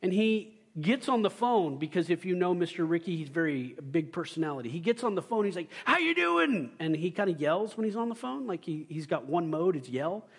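Young guy pastor with a high voice, preaching, goes big then drops soft. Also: a little fast, hardly any pauses, husky. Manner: storytelling, swings between loud excited bursts and quiet asides. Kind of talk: sermon.

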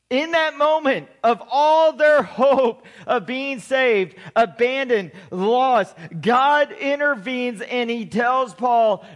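Pastor, middle-aged man, very high voice, emphatic sermon with casual joking asides. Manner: preaching with slow emphatic build-ups, then chatty joking asides.

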